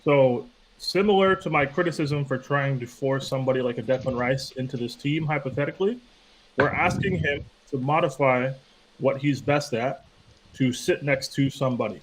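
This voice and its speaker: Panelist, male, measured analytical delivery, mid-pitched voice, faint background hiss. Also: rough recording. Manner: measured, analytical, asks to cut in. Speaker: podcast panelist. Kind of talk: casual podcast debate.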